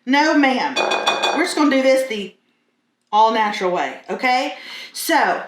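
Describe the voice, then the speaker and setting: A woman's voice: fairly high pitch, lively intonation, normal speed, roomy sound, noisy background. A woman hosting a casual cooking tutorial in her home kitchen, blunt, sarcastic and self-mocking. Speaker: cooking vlog host.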